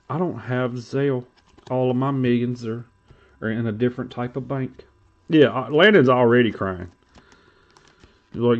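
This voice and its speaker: A man's voice: on the low side, dull audio. A man hosting a trading card stream, rambling and joking crudely in casual chat.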